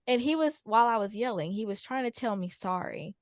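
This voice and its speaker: A young adult woman, a mother and podcast guest, telling a story in a casual, candid and animated way. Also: medium pitch, a little fast, dry recording, clean studio sound. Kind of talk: casual chat.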